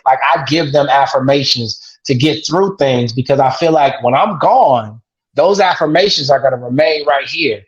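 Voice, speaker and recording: A man's voice: fairly high pitch, moderate pace, roomy sound, dull audio. A man, a father of two daughters, talking earnestly as a podcast guest and acting out the call-and-response phrases he repeats with his kids. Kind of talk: casual interview talk.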